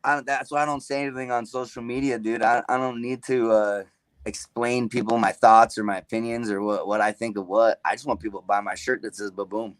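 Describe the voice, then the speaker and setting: A man's voice: medium pitch, little pitch movement, fairly quick, clear, resonant tone, no echo. A man, a guest on a podcast, telling stories in a loose, profane way and saying "dude" a lot. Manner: laid-back, profane, says "dude" a lot. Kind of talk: casual storytelling.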